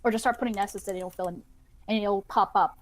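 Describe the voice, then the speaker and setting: A woman's voice: medium pitch, steady tone, quick pace, no echo. Woman patiently explaining to a fellow player. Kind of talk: casual tabletop play.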